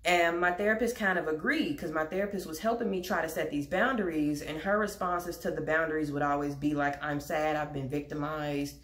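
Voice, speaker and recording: A young woman with a low voice tells her story casually to the camera. She talks candidly and loops back on her thoughts. The room around her is noticeably echoey. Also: fairly quick, hardly any pauses, fairly bright tone.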